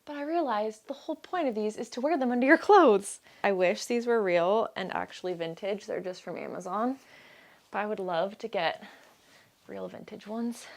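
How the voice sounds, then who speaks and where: A woman's voice: mid-range voice, moderate pace, gravelly, no echo. A woman in her twenties chatting casually as a vlogger, bubbly and gushing, filming herself with a handheld camera. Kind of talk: casual vlog narration. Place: car and beach outdoors.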